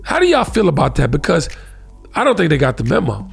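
Gravelly, animated man ranting passionately. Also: fairly high pitch, fast, faint music behind. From Washington, D.C., USA. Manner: impassioned, profane, preachy rant. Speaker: host. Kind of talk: heated podcast discussion.

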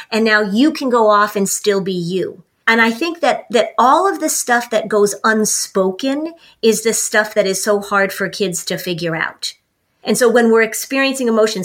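A woman's voice: on the high side, fairly bright tone. A woman on a parenting podcast, explaining directly and acting out short example dialogues. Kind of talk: podcast conversation.

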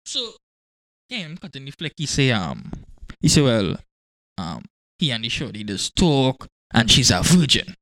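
A man in casual chat among friends, chiming in with quick reactions and retelling his part of a story. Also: medium pitch, very animated, fairly bright tone, no room sound, clean studio sound. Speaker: podcast co-host.

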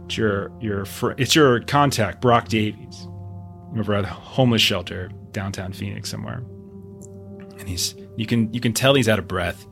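Low-voiced man running a tabletop game. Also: normal speed, creaky, fairly bright tone, soft background music. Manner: loose, repeating words and restarting. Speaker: game master.

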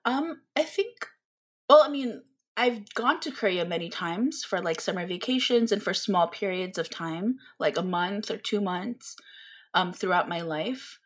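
A young woman speaks in a North American accent, chatting easily as a guest on a podcast. She talks in a loose, conversational way, often pausing to rephrase with fillers and false starts, at a middling pitch. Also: lively intonation. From Philippines. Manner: chatty, many fillers and restarts. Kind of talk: casual interview chat.

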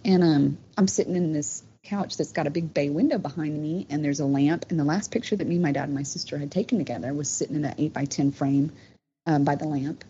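Middle-aged woman, low dark voice, animated storyteller, dull noisy recording. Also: brisk. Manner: animated, many fillers. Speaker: guest telling a personal story. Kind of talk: casual storytelling. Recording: dull, slightly noisy sound.

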